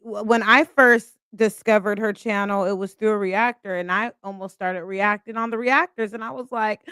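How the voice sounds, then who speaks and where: A woman's voice: mid-range voice, steady tone, moderate pace, few pauses, sharp tone, clear, resonant tone, no room sound, studio quality. A woman hosting a casual live stream, chatting and reading viewer comments aloud.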